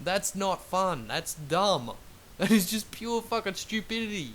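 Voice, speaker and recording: A man's voice: high-pitched, animated, measured pace, fairly bright tone. Angry, foul-mouthed male gamer ranting. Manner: angry, profane, rambling. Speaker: gaming YouTuber. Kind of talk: angry rant over gameplay. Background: faint traffic noise.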